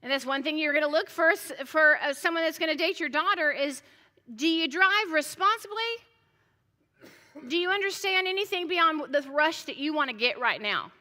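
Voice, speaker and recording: A middle-aged woman pastor preaches in a high, bright, forceful voice. She tells stories in a chatty way, restarting her sentences and slipping in jokey asides. Her voice carries the long reverb of a church hall. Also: moderate pace. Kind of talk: sermon.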